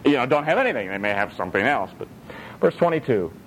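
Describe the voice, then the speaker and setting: A male preacher giving a sermon in an animated, dramatic, joking way. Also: medium pitch, quick pace, background noise.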